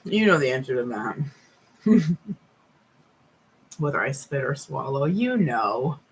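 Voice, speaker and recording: A woman's voice: rumbling low, big pitch swings, slow pace, slight background noise, rough recording. A woman live streamer, stoned, chatting casually to her viewers while eating and talking with her mouth full.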